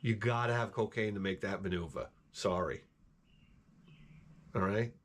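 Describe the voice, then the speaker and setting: A middle-aged man streams gameplay and chats casually in a fairly low, slightly slow voice. He rambles, swears, and cracks jokes as he plays.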